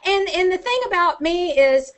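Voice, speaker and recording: A woman's voice: very high voice, normal speed. An older woman chatting as a guest on a video call, chatty and self-deprecating, laughing often. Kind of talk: casual video-call chat.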